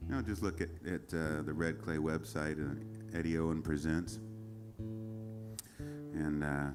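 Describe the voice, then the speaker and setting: A man's voice: extremely low pitch, steady tone, unhurried, music in the background. A man telling rambling stories between songs on a small concert stage, with many fillers and chuckles. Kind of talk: casual onstage storytelling.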